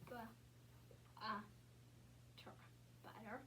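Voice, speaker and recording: A woman works slowly through a phonics drill, halting and hesitant as she sounds out each word. She is heard from a distance, with a faint hum behind her. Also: sharp tone. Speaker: reading student. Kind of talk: phonics practice.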